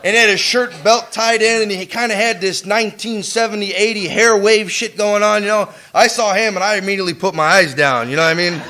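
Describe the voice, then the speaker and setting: A man with a high, ringing voice tells a rough, slangy recovery story to a meeting crowd. He swears freely and acts out the lines people said to him. His tone stays bright and cutting. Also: brisk, few pauses. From United States. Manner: animated, acts out quotes with laughter. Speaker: AA speaker. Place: meeting room before an audience.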